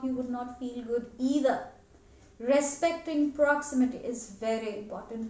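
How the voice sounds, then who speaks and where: A woman's voice: sits high, warm tone. A young woman giving an earnest lesson on body language, talking to camera and demonstrating gestures as she goes. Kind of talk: instructional talk to camera. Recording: roomy, dull lo-fi sound.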